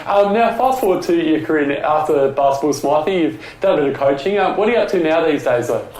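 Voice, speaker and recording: An Australian man hosting a podcast, asking relaxed, friendly questions in a casual interview. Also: on the high side, a little fast, roomy sound, rough recording. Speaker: podcast host.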